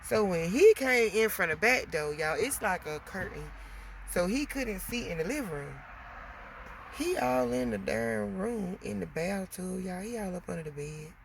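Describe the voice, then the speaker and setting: A woman vlogger venting a storytime, animated and swearing, talking straight to her viewers. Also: medium pitch, normal speed, gravelly, slight background noise. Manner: animated, swearing, addresses viewers as girl and y'all.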